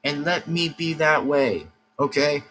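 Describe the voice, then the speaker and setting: Young male YouTuber, slightly high voice, agitated rant, faint hiss behind. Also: unhurried, fairly bright tone, low-quality recording. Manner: agitated, repetitive, swearing. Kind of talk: angry rant to camera.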